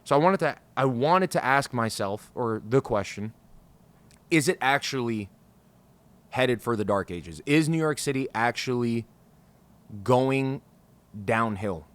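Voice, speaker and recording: A man's voice: mid-range voice, lively intonation, unhurried, long pauses. Male podcast host, casual and scattered, profane, rambling solo talk, mid-range voice. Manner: frustrated, rambling, swears freely. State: over-caffeinated, scattered. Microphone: podcast microphone.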